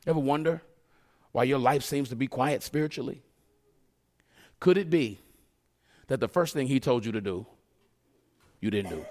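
A man preaching a sermon in a conversational, joking way, slipping into quick acted asides. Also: mid-range voice, a little mellow.

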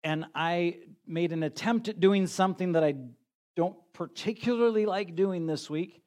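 A middle-aged pastor preaching to his congregation in a loose, conversational way. He pokes fun at himself and often restarts his sentences. His voice sits a little higher than most men's. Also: normal speed, a little mellow. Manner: conversational, self-deprecating preaching with frequent restarts. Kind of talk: sermon.

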